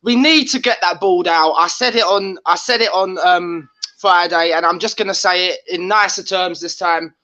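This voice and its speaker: A man's voice: high voice, normal speed, pushed and bright. A man calling into a fan show, ranting casually with lots of stumbles and restarts, over call audio. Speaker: caller.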